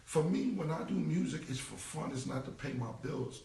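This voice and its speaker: A man's voice: a little high, expressive, normal speed, gravelly, warm tone, roomy sound, recorded from a distance, slight background noise. A man in his forties with a New York accent, ranting bluntly in street slang and cursing on a casual live stream. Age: 40s. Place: indoor room, live stream. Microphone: phone mic.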